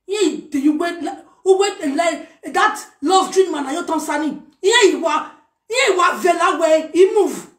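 A woman's voice: very high-pitched, normal speed. Nigerian woman giving a heated message. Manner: heated, animated, mixing pidgin and a local language. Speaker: social media personality. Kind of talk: direct-to-camera message. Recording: roomy echo.

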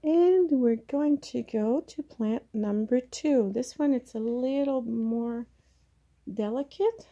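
Chatty, mellow-voiced woman demonstrating plant care. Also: a little high, takes it slowly, lo-fi sound. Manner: chatty, hesitant, talks while working with her hands. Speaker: plant grower demonstrating propagation. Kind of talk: casual how-to demonstration. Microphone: camera mic, very close up.

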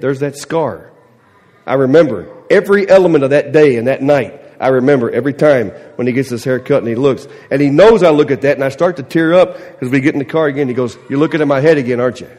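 A middle-aged male pastor preaching in a church, his slightly high voice carrying a long reverb through the sanctuary. He tells his stories with lively gestures in the voice and acts out the people in them, then drops to a hushed tone for prayer. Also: fast. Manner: animated storyteller, acting out voices; soft, quiet prayer at close. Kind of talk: sermon with storytelling.

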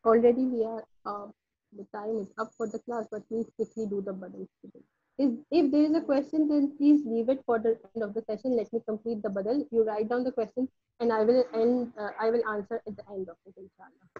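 A woman teaching an online Arabic grammar class, explaining patiently with many pauses. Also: fairly high pitch, steady tone, mellow, husky. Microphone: video call. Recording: dull lo-fi online call audio.

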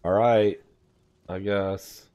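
Deep drawling guy streaming games, slow and lively-pitched. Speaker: streamer, host. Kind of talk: casual gaming chat.

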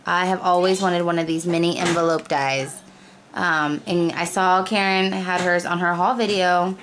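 A woman's voice: fairly low pitch, normal speed, a little hiss or hum. Gushing young woman unboxing. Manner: gushing and excitable, gasps and repeats "oh my gosh". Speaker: crafting vlogger. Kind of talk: casual unboxing chat to camera.

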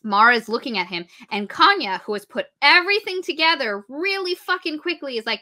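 Bright, lively woman retelling a story. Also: sits high, fairly quick, few pauses. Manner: animated retelling, acts out characters' lines; swears freely. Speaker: podcast co-host. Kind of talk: casual book review chat.

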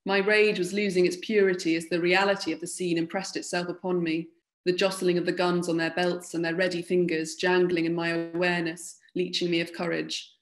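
A woman author from London, reading her own literary fiction aloud in a measured way. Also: fairly low pitch.

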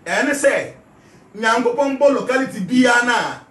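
Emphatic Ghanaian man, high voice. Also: lively intonation, a little slow, a bit bright, echoey room, recorded from a distance. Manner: emphatic, mixes English and Twi, repeats key phrases. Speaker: spiritual teacher. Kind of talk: impassioned spiritual talk.

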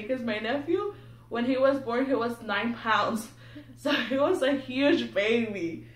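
A young woman chatting excitedly to camera while unboxing something at home, nervous and giggly. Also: a little high, measured pace. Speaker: vlogger. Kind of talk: casual unboxing chat to camera. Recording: echoey room, mic a bit distant, faint background noise.

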